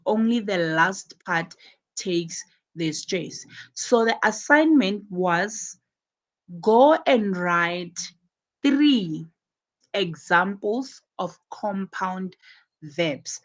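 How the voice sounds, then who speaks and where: A woman's voice: fairly low pitch, rough recording. A woman teaching an English pronunciation lesson to students, patiently repeating and stressing key words as she explains.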